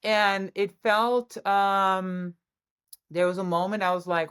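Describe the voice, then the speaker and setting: A woman from Germany, a guest actress talking excitedly about her career in a casual interview, with frequent restarts. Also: fairly low pitch, slow, smooth.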